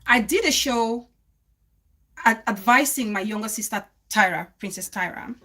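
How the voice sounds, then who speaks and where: A woman with a slightly high voice and a sharp tone hosts a live stream at a moderate pace. She talks earnestly to her viewers, repeating phrases to drive her points home.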